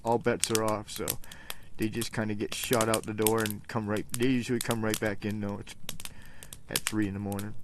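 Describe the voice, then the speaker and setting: Man, live-stream host, casual and rambling, recorded outdoors with noticeable background noise. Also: lowish voice. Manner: chatty, coaxing his dogs in a sing-song voice. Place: outdoors by a campfire on a mountainside at night. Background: crackling fire, dogs.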